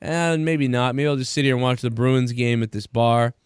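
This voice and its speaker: A man's voice: mid-range voice, moderate pace, clean tone, no room sound, clean studio sound. A man in his thirties hosting a casual chat, telling a bar story full of swearing and acted-out quotes. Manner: profane, animated storyteller acting out quotes. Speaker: podcast host.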